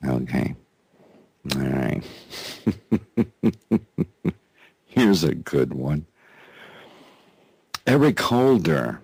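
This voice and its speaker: A man's voice: low voice, lively intonation, extremely slow, pauses often, a little mellow, breathy edge, dry recording. A man hosting a live talk radio show, delivering sarcastic news commentary with frequent mocking laughs and repeated phrases. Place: radio studio.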